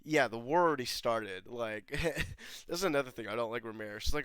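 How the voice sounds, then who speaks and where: A man's voice: medium pitch, very animated, moderate pace, fairly bright tone, no room sound. A young man casually breaking down a TV episode, rambling, swearing freely and laughing often. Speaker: YouTube show reviewer.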